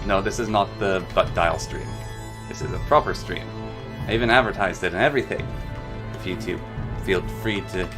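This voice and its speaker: A man talks through his gameplay stream in a playful, rambling way. His voice sits low with a gravelly fry. Game music plays clearly behind him. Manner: playful, chatty, rambling asides. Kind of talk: casual gameplay commentary. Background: background music and keyboard typing.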